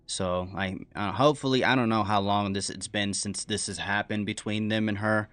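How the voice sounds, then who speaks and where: A man reacting to a stream in casual commentary, rambling with many fillers and slang, dropping quiet and then bursting out loud. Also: lowish voice, fairly even intonation, normal speed, clean tone, dry recording.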